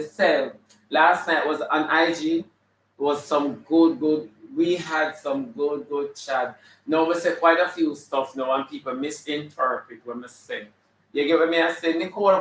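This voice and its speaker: A man's voice: on the high side, close to an everyday voice. Man playing a brassy Jamaican drag auntie, flamboyant, calls out names, faint room echo from a distance. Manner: flamboyant, shouting out viewers' names. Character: sassy female character in drag, full of attitude. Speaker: comedian hosting a live stream. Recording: echoey room, mic at a distance.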